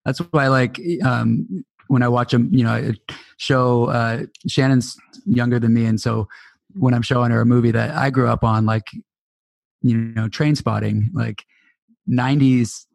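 A man's voice: mid-range voice, flat delivery, a little slow, vocal fry, dry recording. A man in his forties, a podcast co-host chatting casually with a wry, laid-back manner. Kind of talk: casual chat.

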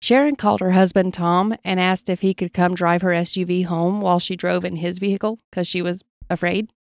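A woman co-hosting a casual podcast, reading strange stories aloud in an even, unhurried tone. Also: on the low side, no room sound, studio quality. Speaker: podcast co-host telling stories.

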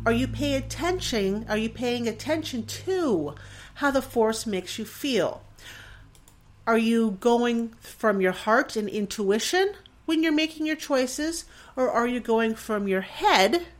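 A woman's voice: fairly high pitch, takes it slowly. An emotional woman in her forties hosts a podcast in a casual, reflective monologue. She speaks earnestly and circles back on her thoughts, often restarting her sentences. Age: 40s. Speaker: podcast host.

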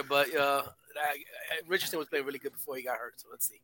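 A male panelist giving emphatic, quick sports opinions. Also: mid-range voice, steady tone, pushed and bright, slight background noise, low-quality recording. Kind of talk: casual sports chat.

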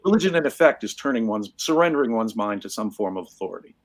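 A man's voice: fairly low pitch, expressive, fast, dry recording. A man speaking as a podcast guest, making firm declarative points and repeating phrases for emphasis. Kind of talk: casual podcast discussion.

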